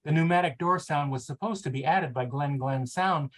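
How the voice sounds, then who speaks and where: A man hosting a podcast who chats casually and reads narration from a book. His narration is steady, and his chat is full of fillers. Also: on the high side, moderate pace, rough recording. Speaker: podcast host. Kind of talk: casual chat and reading aloud.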